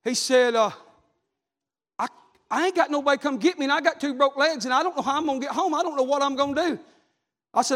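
A middle-aged man, preaching a revival sermon in a church, shouting his stories fervently. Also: very high voice, quick pace, pauses often, long reverb tail.

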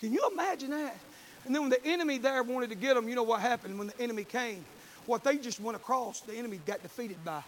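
A man preaching a sermon in church, telling folksy stories with fervent bursts of shouting. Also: extremely high pitch, quick pace, a little hiss or hum.

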